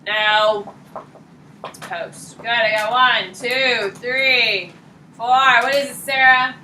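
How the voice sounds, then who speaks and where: A woman teaching a high school history class, quizzing students by name in a blunt, casual way. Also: steady tone, slow pace, sharp tone. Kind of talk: classroom lecture and questioning. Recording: echoey classroom, distant mic, light noise.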